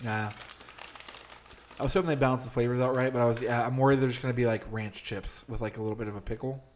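A man's voice: medium pitch, steady tone, fast, slight background noise. A man in casual chat, joking around with playful banter.

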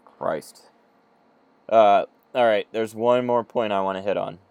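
A man's voice: lowish voice, steady tone, a little slow, a little mellow, smooth, dry recording, dull audio. A man in his thirties chatting casually as a podcast co-host, sarcastic and profane, acting out characters as he talks. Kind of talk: casual chat.

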